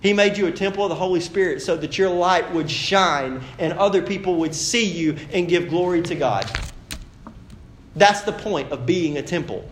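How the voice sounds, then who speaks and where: A man preaches a sermon in an easy, conversational way and rises to loud, animated emphasis. His voice sits a little high and rings through an echoey church hall. A faint hum of room noise sits behind him. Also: moderate pace. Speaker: pastor.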